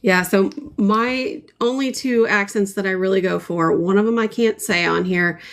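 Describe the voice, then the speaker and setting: A woman's voice: mid-range voice, normal speed. A woman hosting a painting livestream, chatting casually and playfully with her viewers, often giggling.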